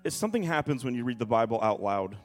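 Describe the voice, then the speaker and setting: A man's voice: mid-range voice, sing-song, fast, faint music behind. A male pastor preaching a sermon, reading scripture aloud dramatically and breaking off into asides to the congregation.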